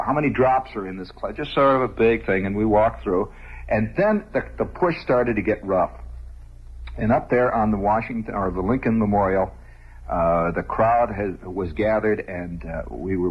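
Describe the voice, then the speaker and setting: Husky guy rambling through a story on old radio, muffled lo-fi sound. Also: on the low side. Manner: rambling, conversational, chuckling asides. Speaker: radio host. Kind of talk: storytelling monologue. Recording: dull lo-fi old radio recording.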